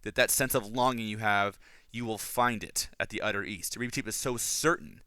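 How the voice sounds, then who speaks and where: A man hosts a podcast in a bright, crisp, clear voice, talking casually and eagerly through his analysis. He rambles and restarts his sentences often, his enthusiasm carrying him along. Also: fairly low pitch, fairly even intonation, moderate pace, dry recording. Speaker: podcast host. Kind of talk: casual book and film analysis.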